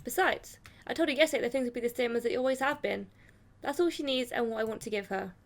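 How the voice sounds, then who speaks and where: High-voiced young woman reading a game aloud. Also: fast talker. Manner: reads the story dramatically in first person, with swearing reactions. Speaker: gaming YouTuber. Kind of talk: let's play, reading game text aloud.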